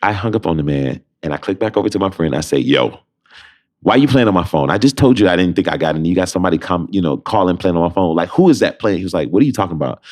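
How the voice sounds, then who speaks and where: A man with a very low, deep bass voice tells his story with great animation, jumping into the voices of the people he talks about. He is a young adult from Detroit and a Broadway performer, speaking as a podcast guest in casual conversation. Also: fast talker. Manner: lively storyteller who acts out both sides of phone calls.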